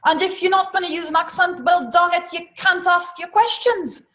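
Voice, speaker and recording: A woman's voice: very high voice, fairly even intonation, normal speed, fairly bright tone, pitched above the performer's own voice. A woman putting on a grand queen's accent. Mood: regal.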